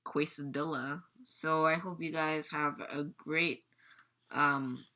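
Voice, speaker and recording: Giggly teen girl, low bright voice. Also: steady tone, takes it slowly. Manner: giggly, rambling, filler-heavy retelling of a dream. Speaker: vlogger. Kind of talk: casual storytelling vlog.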